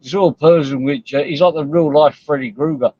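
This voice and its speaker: A man's voice: a little high, steady tone, brisk, no echo. A man hosting a live stream, ranting bluntly and scornfully at viewers and rivals, with frequent swearing. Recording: dull lo-fi stream audio.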